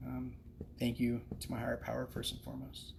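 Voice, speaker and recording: A man gives a heartfelt, rambling speech from a cafe during a livestream. His voice stays flat and even in pitch while he pauses often on ums and restarts his sentences. A light hum of faint background noise sits under him. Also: vocal fry. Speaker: recovery cafe member sharing his story. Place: recovery cafe.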